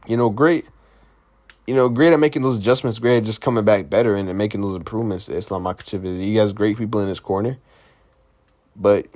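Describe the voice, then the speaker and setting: Host, male, middle-pitched, casual rambling fight-reaction talk. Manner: rambling, conversational, lots of fillers and restarts. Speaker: MMA commentary host.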